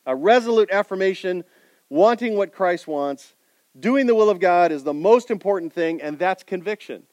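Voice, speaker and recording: A man preaching a sermon, putting rhetorical questions to his congregation and swinging between loud emphasis and quiet intensity. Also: high-pitched, animated, normal speed, dry recording. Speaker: pastor.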